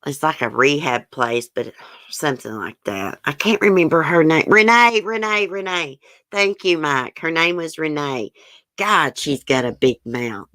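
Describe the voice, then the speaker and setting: A woman's voice: low-pitched, expressive, measured pace, a bit bright, dry recording. A woman hosting a livestream, chatting frankly and opinionated as she reads news and answers viewer comments. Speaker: livestream host. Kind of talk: casual chat reading news and viewer comments.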